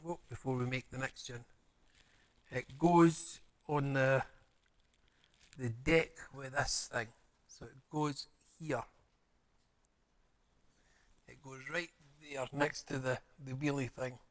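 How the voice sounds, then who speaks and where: Streamer, male, mid-pitched, mutters through a model build and chats to his viewers. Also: steady tone, takes it slowly, pauses often. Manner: mutters to himself while fiddling with small parts, chatty aside to viewers. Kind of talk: casual live-stream chat while working. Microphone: streaming mic with adjustable audio settings.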